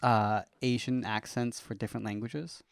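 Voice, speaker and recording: A man's voice: medium pitch, little pitch movement, normal speed, creaky, smooth, dry recording, clean studio sound. A young adult man co-hosting a comedy podcast, chatting casually and laughing often as he grumbles jokingly. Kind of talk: casual chat.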